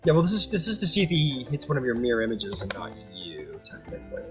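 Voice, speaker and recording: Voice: mid-range voice, big pitch swings, quick pace. Game master narrating tabletop play, rambling, thinking aloud, faint background music.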